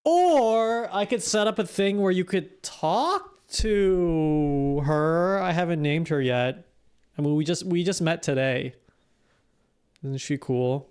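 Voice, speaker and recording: A man streaming live, chatting casually and excitably, laughing and swearing. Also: fairly high pitch, slow pace, smooth.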